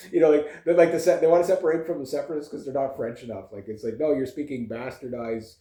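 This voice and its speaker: A man's voice: a little high, lively intonation, a little fast, pauses often, dark tone. Rambling man in a roomy space. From Canada. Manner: rambling, digressive, many fillers and restarts. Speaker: vlogger and musician. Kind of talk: casual rambling chat.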